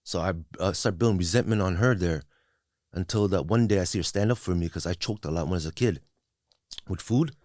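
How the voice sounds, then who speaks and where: Low-voiced man in his forties, blunt. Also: brisk, a little mellow, dry recording, studio quality. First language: not English. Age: 40s. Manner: blunt and profane, with many restarts and "you know what I mean". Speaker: guest. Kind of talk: candid personal storytelling.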